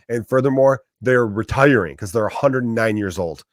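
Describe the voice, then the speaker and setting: Fairly quick and mid-range, this man's voice comes through a dry, studio-quality recording. A Chicago-accented comedian in his thirties, he hosts his podcast with a profane, ranting comic monologue, acting out the voices he quotes.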